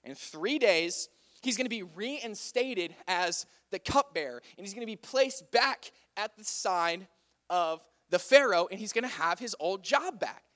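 A man's voice: sits high, animated, a little slow, a bit bright. A young man retelling a Bible story in a chatty, playful way, often saying "like".

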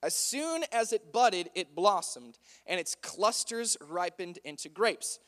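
A man's voice: high-pitched, lively intonation, slow, a bit bright, exaggerated voice. A man doing a laid-back prison cupbearer. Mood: recounting. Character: relieved male cupbearer, a royal servant in prison.

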